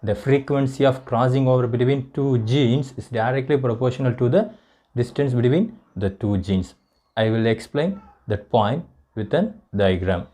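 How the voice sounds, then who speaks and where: A man with an Indian English accent, teaching a biology lesson and slowly repeating each point as if for dictation. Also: medium pitch, mellow. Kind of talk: classroom lecture.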